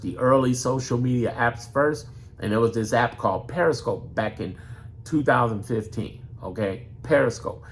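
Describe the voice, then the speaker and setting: A man's voice: medium pitch, a little hiss or hum. A man who makes gaming videos talks straight to the viewer, blunt and profane, handing out advice in a casual, preachy way. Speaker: gaming content creator. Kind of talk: casual motivational talk.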